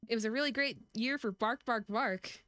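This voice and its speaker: A woman's voice: on the high side, moderate pace, a bit bright, no room sound, clean studio sound, close to an everyday voice. A woman voicing an earnest goth dad who confesses he is secretly ordinary, reading game dialogue aloud. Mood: deadpan.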